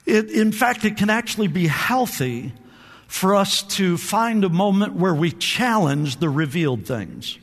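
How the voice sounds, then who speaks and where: A man preaching in a high, bright voice, and his words ring out through a big reverberant church hall. He keeps the congregation answering back, pushes on with energy and stumbles over repeated words as he goes. He is a pastor in the middle of a lively sermon. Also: a little slow. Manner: repeats words and restarts often. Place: church sanctuary.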